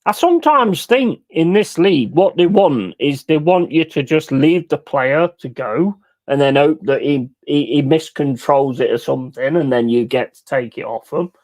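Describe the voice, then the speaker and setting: A man chatting on a live stream, cursing his way through football talk. He flips between loud, high-pitched outbursts and low muttered asides. The sound is dry and close, with no room echo. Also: animated, normal speed, few pauses. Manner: sweary, ranting, swings between loud outbursts and mumbling asides. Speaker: streamer hosting a football watch-along. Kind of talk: casual live-stream chat.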